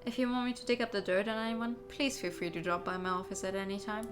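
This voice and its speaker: A woman's voice: mid-range voice, fairly even intonation, fast talker, natural voice. Woman reading as suave fox detective Vulpes. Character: suave male fox private investigator.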